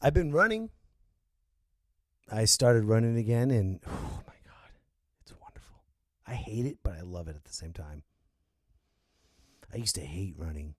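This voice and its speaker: A man hosting a solo podcast rant, swinging between loud outbursts and low muttering and laughing at himself. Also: animated, normal speed, long pauses, dry recording, studio quality. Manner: self-mocking, laughs at himself. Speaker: podcast host.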